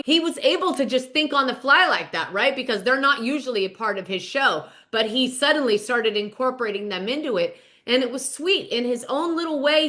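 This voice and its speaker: With a fairly high, sharp-toned voice, a middle-aged woman narrates a story on her podcast. She's emphatic and talkative, often turning to listeners with "you guys" as she gives casual commentary.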